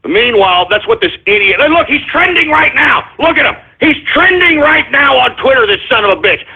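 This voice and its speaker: On muffled phone-line audio, a man hosting a radio show rants angrily and profanely, repeating himself throughout. His voice is very high-pitched, very animated, and brisk, typical of a ranting call-in radio monologue.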